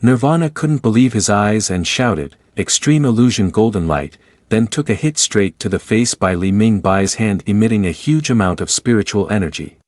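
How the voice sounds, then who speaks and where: A man reading a scripted recap of a fantasy comic in a steady storytelling manner. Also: on the low side, normal speed, hardly any pauses, dry recording, clean studio sound. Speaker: recap narrator. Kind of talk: scripted narration.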